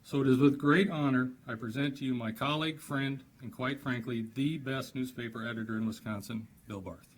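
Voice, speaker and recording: A man's voice: medium pitch, fairly even intonation, a little fast, hardly any pauses, a little hiss or hum, rough recording. A man giving a praising, lightly humorous speech that introduces an award honoree at a dinner. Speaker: presenter. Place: banquet hall.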